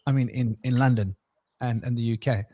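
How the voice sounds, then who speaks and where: A man's voice: mid-range voice, fairly even intonation, a little fast, mellow, no echo. A man hosting a casual podcast chat, rambling and repeating words, often breaking into laughter. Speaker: podcast host.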